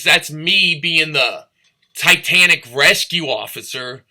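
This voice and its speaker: A man's voice: on the high side, normal speed, sharp tone. A man from St. Louis talking in a rambling, profane, stream-of-consciousness monologue that drifts between topics and into freestyle rhymes. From St. Louis, Missouri.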